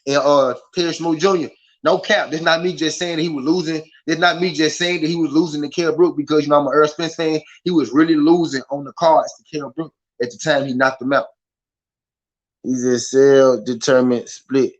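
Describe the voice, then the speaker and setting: A man with a Southern American accent hosting a casual boxing livestream, talking to his chat in an animated, repetitive way. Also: fairly high pitch, brisk. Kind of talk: casual live commentary. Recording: slightly dull lo-fi stream audio.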